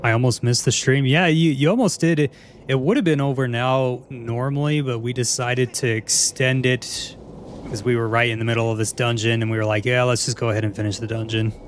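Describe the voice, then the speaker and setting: A man's voice: mid-range voice, fairly even intonation, moderate pace, background noise. A man streaming a video game, chatting casually and answering viewers' questions with easy chuckles. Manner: laid-back, chuckling, rambling restarts. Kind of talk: casual gameplay commentary, answering chat.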